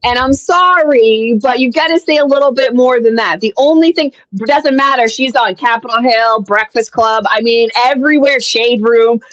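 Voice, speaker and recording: Emphatic female host, slightly high voice, dull dry recording. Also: normal speed, hardly any pauses, dry recording. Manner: emphatic, running the show. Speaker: podcast host. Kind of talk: casual chat.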